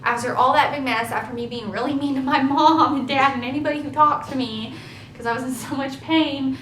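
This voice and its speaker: A young woman tells her story in a casual, chatty vlog voice. Her tone is bright and slightly high, and she talks in animated bursts with a self-mocking laugh now and then. The echoey room carries a faint low rumble behind her. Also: fairly quick. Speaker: vlogger.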